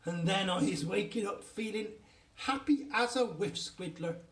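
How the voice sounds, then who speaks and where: A man reading aloud, voicing an excitable, boastful young boy who talks in broken grammar. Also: measured pace, reverberant, far from the mic. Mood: boastful glee. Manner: ungrammatical giant-style speech, bursts high.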